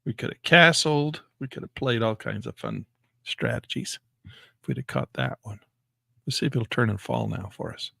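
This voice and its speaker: A man giving excitable live commentary on his day trades, talking to himself and exclaiming as prices move. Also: on the low side, normal speed, vocal fry, dry recording, studio quality. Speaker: day trading educator.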